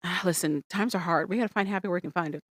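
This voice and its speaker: A woman's voice: on the low side, rapid-fire, dry recording. A woman co-hosting a podcast, recapping reality shows in casual chat and acting out what people said with playful voices. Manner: animated, acts out quotes with playful voices. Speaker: podcast co-host.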